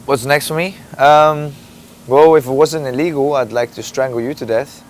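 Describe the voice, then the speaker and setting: A man from Sweden speaks with a British-tinged accent at a middle pitch. He answers interview questions in a dry, sarcastic deadpan for a comedy sketch, with a faint hiss of noise underneath. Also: moderate pace. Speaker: MMA fighter.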